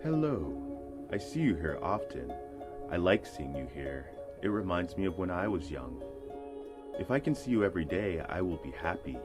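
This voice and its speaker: A man voicing a gentle, weary old male eel who was once a king, speaking slowly and softly. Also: low-pitched, sing-song. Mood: friendly. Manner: slow, soft and kindly. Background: music.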